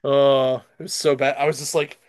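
A man's voice: mid-range voice, flat delivery, normal speed, darkish tone, dry recording. Laughing rambling man, dry close sound. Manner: rambling, laughs often, many "like" fillers. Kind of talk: casual chat, storytelling.

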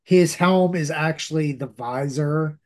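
Slow, rambling man recapping a comic. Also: a little high. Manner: rambling, many fillers and restarts. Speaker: podcast host. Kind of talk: casual comic book recap.

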